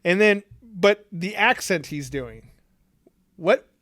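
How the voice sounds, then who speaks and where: This podcast co-host has a high-pitched, expressive voice with a fairly bright tone, recorded at studio quality with no echo. Chatting casually, he swears, jokes, and jumps into acting out quotes.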